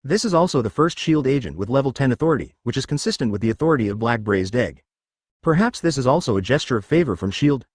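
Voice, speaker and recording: A man narrating a story in scripted audiobook style. His pitch moves in a lively way while the reading stays matter-of-fact. The sound is dry and close to the mic. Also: no echo.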